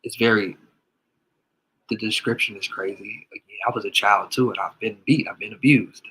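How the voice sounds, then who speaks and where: A man's voice: on the low side, steady tone, normal speed, pushed and bright. A man speaking to his followers in a casual vlog as an emotional father, his voice crackling as he stumbles and repeats words.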